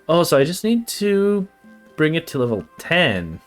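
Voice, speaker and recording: Excitable gamer, swearing. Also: male voice, fairly high pitch, unhurried, clear, resonant tone. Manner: excitable, swears, stammers and restarts, hums to himself. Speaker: streamer. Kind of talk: casual let's-play commentary. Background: faint game music.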